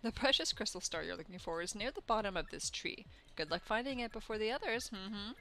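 A woman's voice: medium pitch, expressive, brisk, fairly bright tone, voice pushed up. A woman voicing a flirtatious, sly female mouse thief in a video game. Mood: flirty. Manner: teasing, flirtatious.

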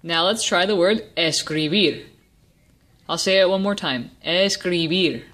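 A woman explaining a language lesson, slowing down to pronounce example words with care. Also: lowish voice, a bit bright. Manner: slow, deliberate pronunciation of example words. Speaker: Spanish teacher.

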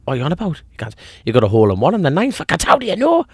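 A man co-hosting a podcast, telling a long joke in a lively, repetitive way. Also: on the high side, racing, slight background noise. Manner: animated storyteller, repeats himself, acts out voices. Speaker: podcast co-host.

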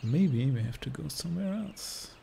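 A man's voice: on the high side, expressive, normal speed, vocal fry, mellow, slight background noise. A man streaming a game with casual commentary and dry, sarcastic asides.

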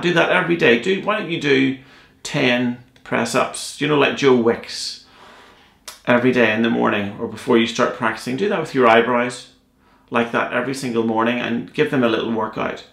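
A man's voice: mid-range voice, moderate pace, vocal fry, a bit bright, echoey room. A man teaching a cello piece in a playful, joking, encouraging way. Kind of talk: music tutorial.

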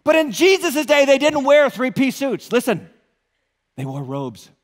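A male pastor with a New England accent preaching an animated sermon, joking and throwing rhetorical questions at the congregation in a church auditorium. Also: very high voice, a little slow. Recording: long hall reverb.

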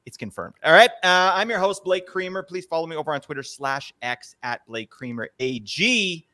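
Upbeat, fairly high-voiced man hosting a podcast. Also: normal speed, bright, forceful tone. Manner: upbeat, hype-man banter. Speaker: podcast host. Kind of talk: casual podcast chat.

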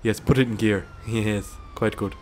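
A man's voice: on the low side, measured pace, slight background noise. Profane, rambling young gamer guy. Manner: rambling, profane, jokey, excitable outbursts. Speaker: gaming YouTuber. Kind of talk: casual let's-play commentary.

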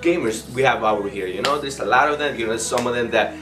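A man's voice: medium pitch, quick pace, music in the background. A young man hosting his own video, rambling casually with many fillers. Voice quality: rambling, heavy use of fillers. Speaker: youtuber host.

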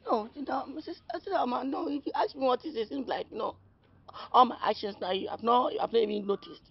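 A man's voice: very high voice, lively intonation, brisk, gravelly, slightly rough, exaggerated voice. An actor with a Nigerian accent playing a playful man who teases, laughs and chases a woman. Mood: whining. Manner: playful, teasing, laughs a lot. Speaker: flirting brother-in-law. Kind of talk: Nollywood film acting. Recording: dull lo-fi sound, faint noise.

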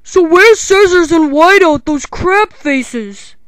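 A woman voicing a team of hyper, silly highlighter space heroes in a homemade puppet show, bouncy and teasing. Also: lively intonation, takes it slowly, no room sound, full character voice. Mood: giddy. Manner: giddy, bouncy, shouty teasing.

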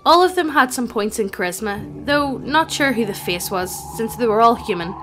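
A woman's voice: fairly high pitch, normal speed, background noise. A synthetic woman's voice reading out a tabletop gaming story as scripted narration, evenly and without fillers. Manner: even text-to-speech reading without fillers. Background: faint background music.

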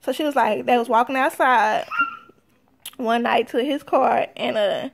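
Woman vlogger, high-pitched, chatty storyteller addressing viewers. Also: a little slow, gravelly, noisy background. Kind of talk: casual storytelling to camera.

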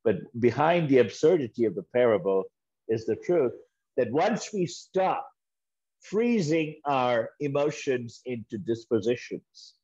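Slow-spoken man telling a sermon story. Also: mid-range voice, lively intonation, darkish tone, slightly rough, dull audio. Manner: storytelling with quoted voices and emphatic repetition. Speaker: guest speaker at a church service.

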